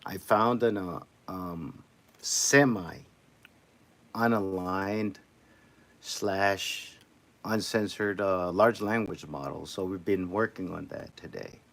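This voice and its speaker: A man's voice: low-pitched, takes it slowly, gravelly. A man livestreaming, chatting casually to viewers in a loose, rambling way with lots of repeated phrases.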